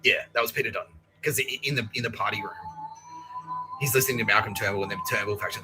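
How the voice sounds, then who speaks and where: A man's voice: lowish voice, fast talker, over music, poor audio. A man hosting a podcast, talking in a profane, laughing, rambling monologue. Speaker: podcast host.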